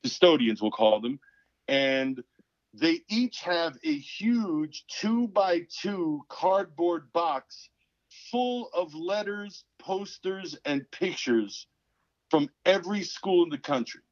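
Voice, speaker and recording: A man in his fifties tells a story as an interview guest, animated and playing out each person he quotes. His voice sits fairly high for a man. The recording is dull and dry, with no room sound. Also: slow, dry recording. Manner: animated, acts out quoted people. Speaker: guest, former pro basketball player.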